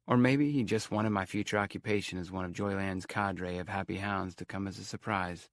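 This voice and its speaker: A man's voice: low voice, fairly even intonation, a little fast, no echo, clean studio sound. A man narrating an audiobook in a wry, conversational storytelling manner.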